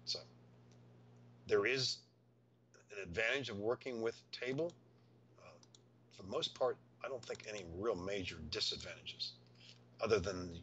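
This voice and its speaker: Male software tutor, lowish crisp voice, walks through steps patiently, slightly muffled recording. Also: moderate pace, slight background noise. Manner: patient step-by-step explaining, thinking aloud. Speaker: software instructor.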